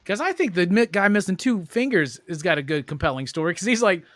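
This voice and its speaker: A man's voice: high-pitched, lively intonation, fast, a bit bright, no echo. A man hosting a casual movie review chat, loose and profane, acting out lines in joking voices. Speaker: host.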